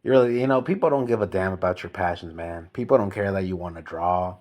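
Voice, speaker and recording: A man's voice: deep voice, fast talker, darkish tone. A man delivering a comic rant monologue in an emphatic, repetitive, slangy way. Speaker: vlogger.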